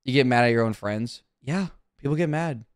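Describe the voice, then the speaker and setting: A man's voice: medium pitch, moderate pace, smooth, no echo, clean studio sound. A young man streaming casually, talking to his chat in a brash, profane, defensive way.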